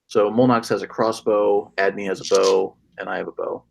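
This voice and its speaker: A man's voice: on the low side, flat delivery, moderate pace, vocal fry, rough recording. A man playing a tabletop game, thinking his plans through aloud with some hesitation. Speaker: player. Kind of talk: casual tabletop game play.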